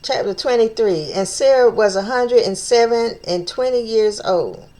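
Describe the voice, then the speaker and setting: Her voice is a little high and a little slow, with a dark tone. She leads an informal Bible study, reading scripture and musing aloud, stumbling on old names and repeating phrases as she reasons it out.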